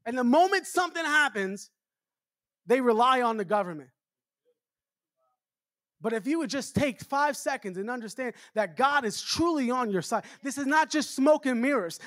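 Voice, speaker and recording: A man preaching a revival sermon, firing off repeated rhetorical questions and building up to shouts. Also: very high voice, expressive, moderate pace, pauses often, no room sound, clean studio sound.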